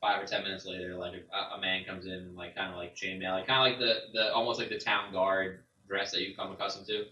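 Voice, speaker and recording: A male game master describing scenes in a loose, rambling way with lots of fillers. His voice is bright, and he sits away from the mic in an echoey room. A faint ambience runs underneath. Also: low-pitched, level tone, quick pace, lo-fi sound, slight background noise. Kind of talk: casual narration of a tabletop game. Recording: roomy sound, far from the mic, faint ambience.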